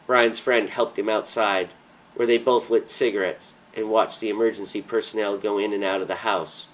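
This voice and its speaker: A man reading a dramatic story aloud at a slow, solemn pace. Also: fairly low pitch, fairly even intonation, a little hiss or hum, low-quality recording. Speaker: audiobook narrator. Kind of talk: dramatic audiobook narration.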